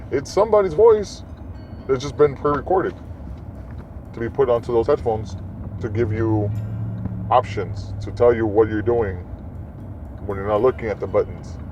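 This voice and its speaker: A man's voice: mid-range voice, mellow. A man hosting a podcast alone, rambling casually and talking straight to his listeners. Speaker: podcast host. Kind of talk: casual solo monologue. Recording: muffled lo-fi recording, faint noise.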